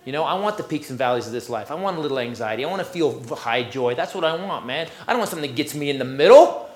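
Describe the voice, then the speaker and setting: A man's voice: medium pitch, expressive, fast talker, roomy sound. A male stand-up comedian working the crowd, loose and crude, recorded live on a club stage with the audience laughing.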